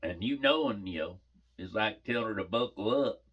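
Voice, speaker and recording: Folksy storyteller, middle-aged man, a little husky, pitch that swings up and down. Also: fairly quick, dull audio. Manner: folksy, laughs through the telling, animated quoting. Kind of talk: casual family storytelling.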